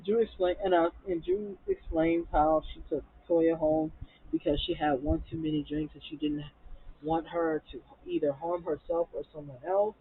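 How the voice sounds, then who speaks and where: A woman's voice: low-pitched, lively intonation, normal speed, slightly rough, no echo. A woman reviewing a reality TV episode in a blunt, profane, heated way, acting out quotes from the show. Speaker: reality TV recap vlogger. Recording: tinny phone-like audio.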